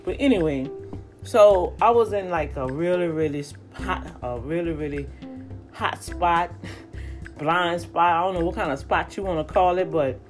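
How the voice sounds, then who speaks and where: A lower-pitched woman shares her faith in a casual, animated testimony, talking straight to her viewers. Music plays clearly behind her voice the whole time. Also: normal speed. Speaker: vlogger sharing a testimony.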